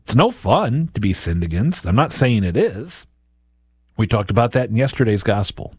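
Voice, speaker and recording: Animated, earnest man reflecting on scripture. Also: fairly low pitch, moderate pace, husky, no room sound, studio quality. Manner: earnest and animated, addresses listeners directly, repeats words. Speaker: host of a daily gospel reflection show. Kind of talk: conversational gospel reflection.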